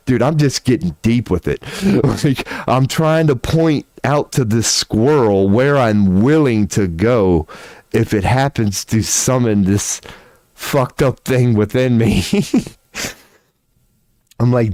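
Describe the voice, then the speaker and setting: A man's voice: medium pitch, measured pace, dry recording. Guy streaming from his room, rambly and cussing a lot, dry close mic, mid voice. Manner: animated, profane, laughs often. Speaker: livestream host. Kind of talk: rambling casual storytelling.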